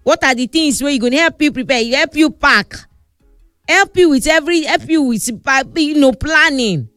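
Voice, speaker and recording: A woman's voice: high-pitched, expressive, normal speed, fairly bright tone, no room sound, studio quality, soft background music. A woman with a Nigerian Pidgin accent giving blunt relationship advice, scolding and repeating herself for stress. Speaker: advice vlogger. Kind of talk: casual advice talk.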